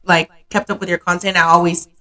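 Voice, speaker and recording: A woman's voice: on the low side, level tone, quick pace, sharp tone. A young woman hosting a podcast, chatting candidly and laughing easily, with frequent swearing. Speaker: podcast host. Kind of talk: casual chat.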